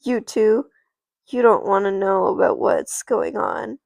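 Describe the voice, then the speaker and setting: A woman voicing a tearful, guilt-ridden teenage girl in narrated doll play, pleading loudly. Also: medium pitch, slow, vocal fry, dry recording, studio quality. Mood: distraught.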